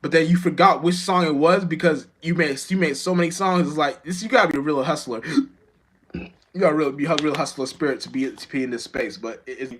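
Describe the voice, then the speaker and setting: A musician rambles to his live-stream viewers in a restless, profane monologue. He restarts his sentences often, and his voice sits on the higher side for a man. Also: quick pace, fairly bright tone.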